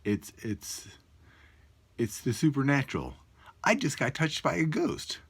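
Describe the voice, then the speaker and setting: Husky guy rambling to camera from his desk at night, amused, voice bouncing all over. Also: medium pitch, big pitch swings, a little slow. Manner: amused, chuckling, musing aloud. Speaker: vlogger. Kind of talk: casual monologue to camera. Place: home room at his computer at night.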